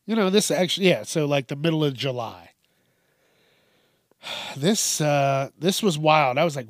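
A man's voice: on the high side, expressive, measured pace, pauses often, dry recording, clean studio sound. A man hosting casual comedic news commentary, swearing often, laughing and riffing on stories.

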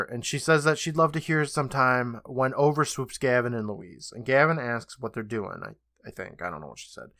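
Bright-voiced man recapping an episode. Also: mid-range voice, no echo, clean studio sound. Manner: loose, profane, sarcastic retelling. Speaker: podcast host.

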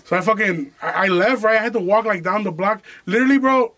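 A man's voice: sits high, fast, sharp tone. A young man hosting a podcast, telling a story in a profane, slangy, laughing way. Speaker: podcast host. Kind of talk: casual storytelling chat.

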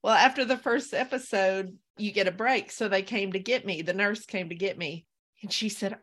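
A woman's voice: mid-range voice, normal speed. A woman guest on a podcast, animatedly telling a story and laughing as she goes. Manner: animated storyteller, laughs through her tale. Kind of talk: casual interview storytelling.

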